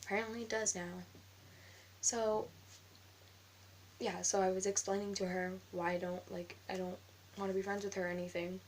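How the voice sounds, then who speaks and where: A young woman casually telling a story to the camera, rambling and animated, with "like" after nearly every phrase. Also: medium pitch, moderate pace, long pauses, a little hiss or hum. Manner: rambling, heavy use of filler "like"; animated retelling of an argument. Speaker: vlogger.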